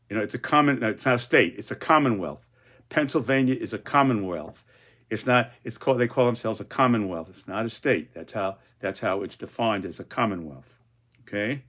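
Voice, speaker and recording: A man's voice: lowish voice, a bit bright. A man presenting his own political cartoons in casual, rambling commentary, full of restarts and fillers.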